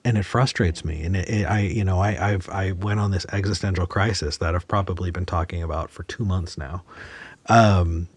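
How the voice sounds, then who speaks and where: Low-voiced man hosting, dry sound. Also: normal speed, breathy edge, no room sound. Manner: reflective, searching for words with many restarts. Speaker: podcast host. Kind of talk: casual conversation.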